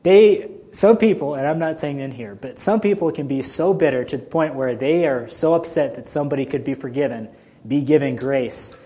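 A man's voice: on the high side, warm tone. A man preaching a sermon as a pastor, emphatic and full of rhetorical questions to his listeners.

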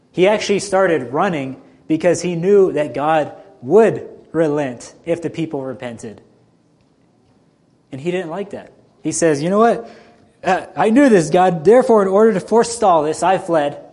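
A man's voice: a little high, darkish tone. A man preaching a sermon as a pastor, emphatic and full of rhetorical questions to his listeners.

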